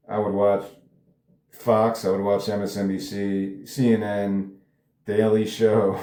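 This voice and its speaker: A man's voice: lowish voice, warm tone. A man reading a script aloud in a casual way, with laughing asides between lines. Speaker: script reader. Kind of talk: casual table read narration. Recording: roomy echo.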